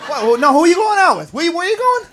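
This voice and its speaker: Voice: extremely high pitch, very animated, very fast, fairly bright tone, some chatter behind, exaggerated voice. A comedian voicing a jealous, controlling boyfriend who sneers at his girlfriend's friends, live on stage with audience noise. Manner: sneering, bitter.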